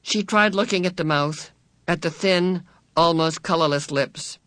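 Measured audiobook narrator, dry sound. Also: medium pitch, a bit bright, dry recording.

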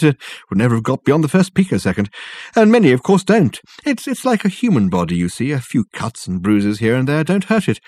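A man voicing a lively, rambling older male professor explaining things in a chatty way. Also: medium pitch, no room sound, clean studio sound.

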